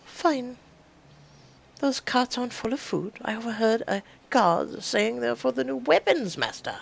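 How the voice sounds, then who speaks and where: A woman's voice: a little high, animated, measured pace, gravelly, pitched above the performer's own voice, full character voice. Woman doing a bitter young servant man. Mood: grudging. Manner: curt, resentful.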